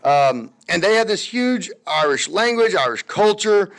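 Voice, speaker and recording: A man's voice: high-pitched, big pitch swings, unhurried, fairly bright tone. A young man teaching a recorded history lecture over slides, chatty and loose, with many fillers and wry asides.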